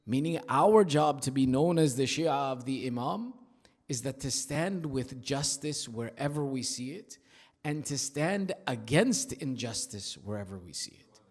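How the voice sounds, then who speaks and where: A male preacher giving an emphatic, rhythmic sermon at an Islamic center, telling stories and dropping into hushed asides. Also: mid-range voice, lively intonation, measured pace. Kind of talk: sermon with storytelling. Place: large prayer hall of an Islamic center. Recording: long hall reverb.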